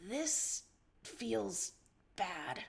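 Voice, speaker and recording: A woman co-hosting a livestream, reading story dialogue aloud in an unhurried, casual way. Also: medium pitch, very animated, gravelly, husky. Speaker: livestream co-host reading character lines.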